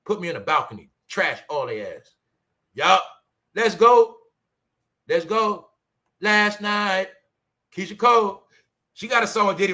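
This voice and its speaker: Brash and bright-voiced, this commentary channel host rants to his viewers in a casual livestream. He's animated, alternating loud bursts with low muttering, and keeps tossing out rhetorical questions along with repeated "y'all" and "huh."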